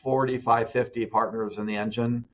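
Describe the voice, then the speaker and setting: A man from the US East Coast, a guest on an interview podcast, telling stories in a relaxed way with many fillers and restarts. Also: medium pitch, moderate pace, highs cut off. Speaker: guest, nonprofit CEO. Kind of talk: casual interview talk.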